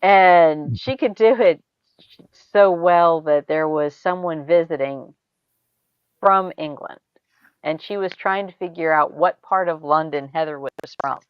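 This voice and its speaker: A middle-aged American woman talks her way through stories in a loose group chat, laughing often and drifting into asides. Her voice sits low. The recording is dry and a little dull. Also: smooth, no room sound. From United States. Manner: chatty storyteller, quick laughs, trailing asides. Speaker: show host. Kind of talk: casual chat.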